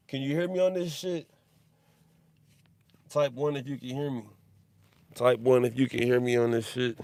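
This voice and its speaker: A man's voice: mid-range voice, fairly even intonation, moderate pace, long pauses, darkish tone. A man on a phone livestream, talking in a rambling, profane way with lots of restarts.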